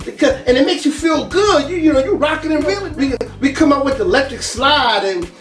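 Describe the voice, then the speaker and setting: A man co-hosting a podcast in casual chat, animated, scatting rhythms and laughing often. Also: very high-pitched, brisk. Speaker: podcast co-host. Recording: roomy, far from mic, faint music.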